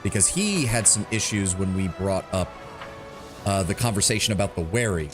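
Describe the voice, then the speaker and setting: A low-pitched man streaming a role-playing game, reading its dialogue and dropping in casual asides. Game music plays clearly under his voice. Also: animated, normal speed. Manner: reads dialogue aloud, adds casual asides.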